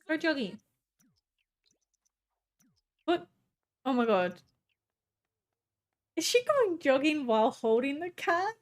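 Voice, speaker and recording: High-voiced excitable woman streamer. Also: slow, long pauses. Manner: excitable, chatty, swears often. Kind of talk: casual gameplay commentary.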